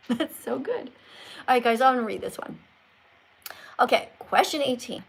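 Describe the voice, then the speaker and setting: A woman's voice: a little high, lively intonation, moderate pace, gravelly, breathy edge. A woman in her sixties hosting a livestream, chatting casually, teasing callers and reading viewer comments aloud. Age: 60s. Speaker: livestream host.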